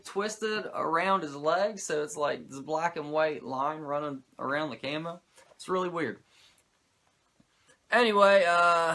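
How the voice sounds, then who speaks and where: A man's voice: fairly high pitch, pushed and bright. A man hosting a casual wrestling recap, swearing a lot, filling with "like" and ranting in disbelief. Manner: swears a lot, lots of "like" fillers, incredulous rants. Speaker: wrestling recap podcast host.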